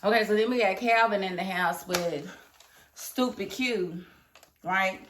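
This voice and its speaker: Woman, TV reviewer, casual commentary, animated, scolds the characters, middle pitch, echoey room. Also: unhurried, slight background noise. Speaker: TV show reviewer.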